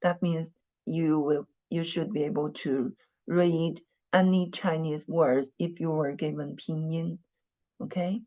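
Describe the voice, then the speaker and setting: A woman's voice: low voice, fairly even intonation, slow pace, dark tone. A woman teaching a Mandarin class in English, repeating phrases and using many fillers. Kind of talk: classroom lesson. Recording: dull lo-fi sound.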